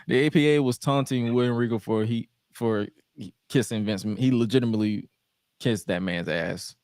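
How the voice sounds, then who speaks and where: Podcast host man, young adult, animated, mid-pitched, dry close sound. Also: moderate pace, gravelly, dry recording. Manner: animated storytelling, frequent laughs. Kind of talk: casual chat recapping wrestling.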